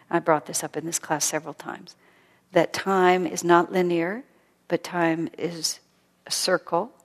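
A woman teaching a spiritual class in a gentle, reflective way, often sinking into a soft whisper. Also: fairly low pitch, big-room sound.

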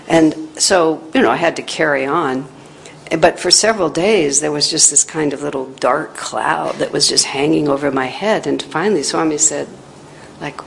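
Woman, low voice, earnest storytelling, spiritual teacher, faint ambience behind. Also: creaky, slight background noise, poor audio. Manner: earnest, reflective, animated when quoting others. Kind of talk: storytelling talk.

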